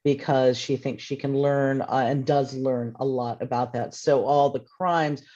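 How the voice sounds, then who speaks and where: A woman's voice: rumbling low, a little slow. A woman author on a convention panel, telling stories in a chatty way and acting out bits of dialogue. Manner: chatty storytelling with lively re-enacted dialogue. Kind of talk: casual panel talk. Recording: slightly muffled audio.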